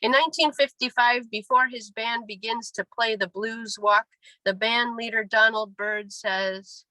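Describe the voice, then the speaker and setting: A poet in her forties reads her poems aloud at a reading venue, with a wry, deadpan delivery. Her fairly high voice is bright and forward, at normal speed. The recording is dry and close with little room sound, and somewhat rough.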